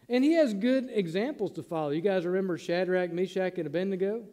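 High-voiced man preaching in a reverberant hall. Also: moderate pace, warm tone. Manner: conversational preaching, acts out quoted lines. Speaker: pastor. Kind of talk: sermon.

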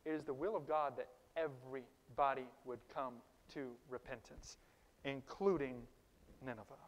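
A male pastor preaching a sermon, shifting from quiet stretches to loud, high-pitched emphatic bursts. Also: fairly even intonation, normal speed, big-room sound.

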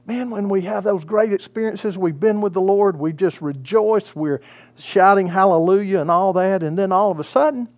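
A man's voice: sits high, normal speed, darkish tone. A man preaching a sermon as pastor, in a conversational way with many fillers and restarts.

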